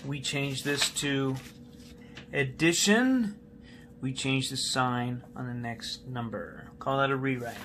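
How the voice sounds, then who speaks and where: A man's voice: mid-range voice, level tone, a little slow, few pauses, noisy background. A male math teacher giving a recorded classroom lesson, patiently repeating key steps and asking students questions while he writes on a board.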